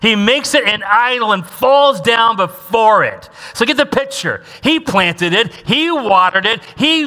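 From the pulpit of a large, reverberant church sanctuary, a pastor with a high-pitched, sharp voice preaches emphatically. He keeps repeating key lines and has the congregation say them back.

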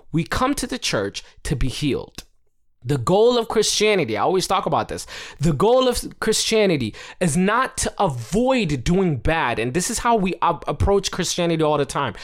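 Earnest young man preaching, lively pitch. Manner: earnest, conversational preaching with fillers. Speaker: preacher and author. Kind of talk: sermon.

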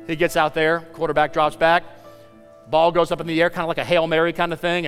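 High, clear-voiced preacher in a reverberant hall. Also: male voice, quick pace, soft background music. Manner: animated storytelling with acted dialogue. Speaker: pastor. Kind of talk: sermon storytelling.

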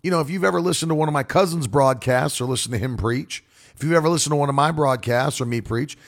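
A man who preaches and broadcasts, talking casually to his audience in a forceful, demonstrative, animated way. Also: fairly high pitch, quick pace. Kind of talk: casual monologue.

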